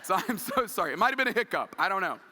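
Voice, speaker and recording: A middle-aged man preaching a sermon in a church, conversational and animated, acting out quoted asides. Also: sits high, racing, long reverb tail. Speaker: pastor. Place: church sanctuary.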